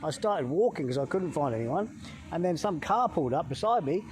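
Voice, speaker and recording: A middle-aged man from England, a health coach vlogger telling a travel story in a swearing, animated way, talking into a phone outdoors by a hotel pool. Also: fairly high pitch, a little fast.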